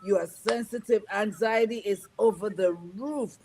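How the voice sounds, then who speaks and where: A woman's voice: mid-range voice, a little slow, a little mellow. Earnest woman hosting a wellness talk show. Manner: earnest, empathetic, lists struggles one after another. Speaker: host.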